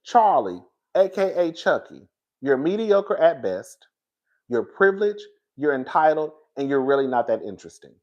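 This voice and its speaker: A man with a fairly high voice, giving a loose, candid commentary straight to his viewers. He swears freely and rambles, restarting sentences and drifting into asides before circling back to his point. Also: big pitch swings, normal speed, darkish tone, muffled recording. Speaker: reality TV commentator. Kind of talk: casual commentary vlog.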